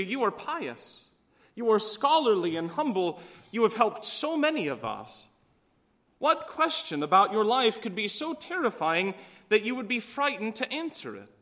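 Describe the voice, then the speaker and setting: A man preaching from the pulpit in a high, bright voice. He tells stories and gives each speaker in them a voice of its own. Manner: storytelling with voiced quotes. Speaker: pastor. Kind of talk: sermon.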